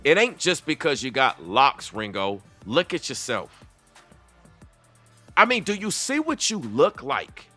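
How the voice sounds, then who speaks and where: A man's voice: mid-range voice, very animated, measured pace, sharp tone, faint music behind. A man giving a reaction commentary, confrontational and lecturing, speaking straight to the person in the clip.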